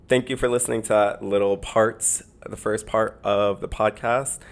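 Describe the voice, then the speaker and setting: A young man from Canada with a Canadian accent hosts his own podcast alone. His voice sits very low. He talks casually and rambles, piling up fillers and repeating words as he goes. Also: steady tone, moderate pace, few pauses. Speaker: podcast host. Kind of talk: casual solo podcast monologue.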